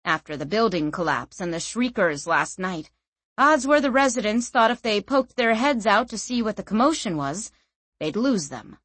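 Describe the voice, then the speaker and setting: A woman narrating a fantasy audiobook in a steady, even storytelling manner on a close studio mic. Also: medium pitch, moderate pace, dry recording.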